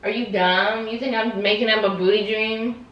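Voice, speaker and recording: A young woman in a casual couple prank, teasing and deadpan, sometimes half-whining. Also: a little high, moderate pace, far from the mic, highs cut off. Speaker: vlogger pranking her fiance. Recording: echoey room, voice from off the mic.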